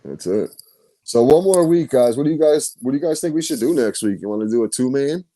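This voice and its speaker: A man's voice: mid-range voice, animated, fairly quick, warm tone, no room sound, studio quality. A man hosting a podcast, telling stories in loose, profane casual chat. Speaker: podcast host.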